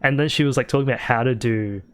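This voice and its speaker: A man's voice: medium pitch, fast talker, fairly bright tone. A man as a podcast guest, rambling casually with many "like"s and "uh"s. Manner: rambling, heavy use of "like" and "uh". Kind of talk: casual chat.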